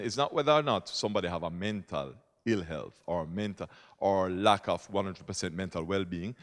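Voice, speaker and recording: Expressive man speaking in a hall. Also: low-pitched. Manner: expressive speaker who shifts between quiet asides and emphatic points. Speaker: poet and lawyer giving a conference talk. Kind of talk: public speaking. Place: conference hall. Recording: reverberant hall.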